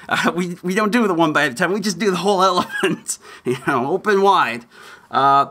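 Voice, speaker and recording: A man hosting a podcast, giving opinionated political commentary in an animated way and often laughing mid-sentence. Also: on the high side, brisk. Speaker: podcast host.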